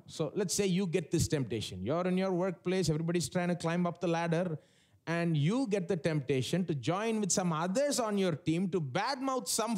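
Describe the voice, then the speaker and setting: A man's voice: high voice, darkish tone. A man preaching a sermon to a live church congregation, emphatic, putting rhetorical questions to the listeners and acting out quoted voices. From India. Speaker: pastor. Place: large church service.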